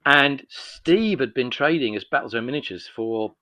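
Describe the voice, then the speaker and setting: A man's voice: medium pitch, expressive, moderate pace, crowd noise, rough recording. A man in his sixties from London with a North London accent, a podcast guest telling long, rambling anecdotes in a chatty way. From London, England. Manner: chatty, acts out dialogue in anecdotes. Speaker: podcast guest, miniatures business owner.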